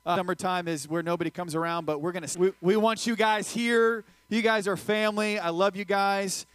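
Man, youth pastor, casual sermon, slightly high voice, joking, dry close sound. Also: brisk, hardly any pauses, no room sound, low-quality recording. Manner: energetic, joking, talks straight to the crowd.

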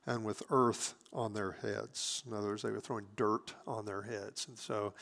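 Earnest in his sermon, this medium-pitched male pastor alternates forceful, emphatic statements with quiet asides that drop nearly to a whisper.

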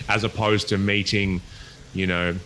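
A man's voice: lowish voice, flat delivery, unhurried, a bit bright, slight background noise. A man co-hosting a podcast from home over a video call, joking in playful banter. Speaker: podcast co-host. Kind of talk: casual podcast chat.

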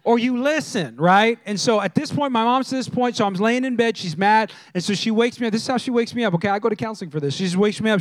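Pastor, male, high voice, playful storyteller who works the crowd with questions. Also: dry recording, studio quality. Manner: animated, engages the crowd with questions. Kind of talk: humorous storytelling sermon.

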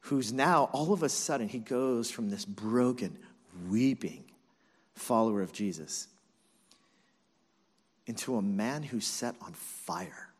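A man's voice: mid-range voice, lively intonation, slow, pauses often, slightly rough. A male pastor delivers a sermon in a loose, conversational storytelling manner. His voice sits in an ordinary middle range but moves a lot, rising and falling with emphasis as he walks through the passage.

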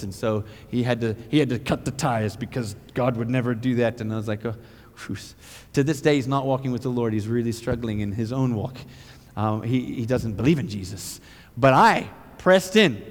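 Animated preacher man in a reverberant hall. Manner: animated storytelling, voice rising high when excited. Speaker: pastor. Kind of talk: sermon with personal testimony. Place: church hall. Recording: long church hall reverb.

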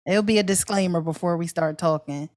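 A woman's voice: on the low side, fairly quick, darkish tone. A woman from co-hosting a podcast in casual chat, playful and slangy. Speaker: podcast co-host.

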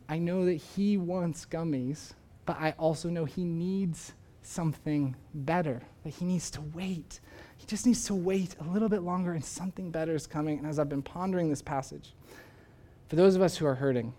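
Young dad preaching in a chatty way. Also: male voice, sits high, darkish tone. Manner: conversational storytelling, uses "like" often. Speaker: pastor. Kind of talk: sermon.

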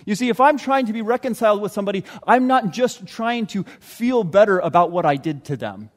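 A man's voice: high voice, lively intonation, brisk, in a large hall. A man preaching a sermon in a church, earnest and conversational, at times acting out the voices of ordinary people. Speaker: pastor. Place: church sanctuary.

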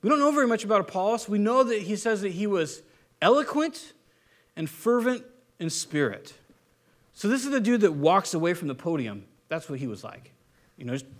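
Animated high-voiced male preacher. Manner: animated, casual and joking, with frequent restarts. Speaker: pastor. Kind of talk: conversational Bible teaching sermon.

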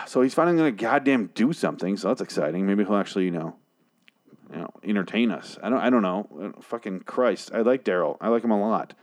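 A man with a fairly low voice rants through a TV episode recap in a casual, sarcastic way. He swears freely, sounds exasperated, and drops quick mocking voices for the characters. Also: expressive. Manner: sarcastic, profane, exasperated ranting; mimics characters in brief jokey voices. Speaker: podcast host reviewing a TV episode.

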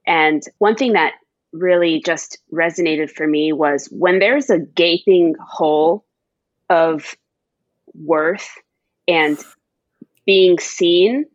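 Low, slow-talking woman host. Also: no room sound, muffled recording. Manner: affirming, lots of short agreement. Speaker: podcast host. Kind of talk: podcast interview.

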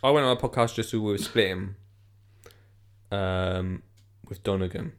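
A man's voice: on the low side, moderate pace. A man hosting a podcast in rambling, jokey casual chat. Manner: rambling, jokey, lots of fillers. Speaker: podcast host.

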